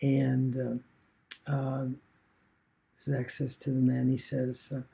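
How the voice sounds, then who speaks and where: A man retelling a story casually as an online business vlogger, halting and rambling with many fillers and restarts. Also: medium pitch, completely flat delivery, gravelly, mellow.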